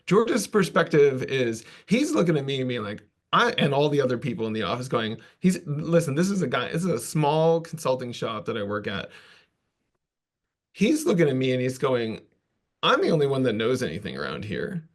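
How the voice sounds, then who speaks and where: A man's voice: medium pitch, animated, moderate pace. Casual man telling a work story. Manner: casual, self-deprecating, loose asides. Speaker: conference presenter. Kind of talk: conversational storytelling talk.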